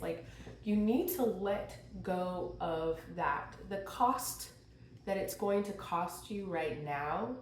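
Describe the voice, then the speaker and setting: A woman giving a chatty, expressive tarot reading, her voice worn and hoarse. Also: on the low side, slight background noise. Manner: chatty, expressive, laughs and sings bits. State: losing her voice, clearing throat. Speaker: tarot reader. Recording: quiet roomy home recording.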